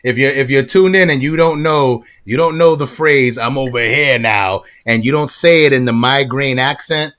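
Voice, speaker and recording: An energetic male podcast host chatting casually and hyping up his guest. His voice sits at an ordinary middle pitch, and he tends to repeat words as he builds up a point. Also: moderate pace, few pauses. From Florida.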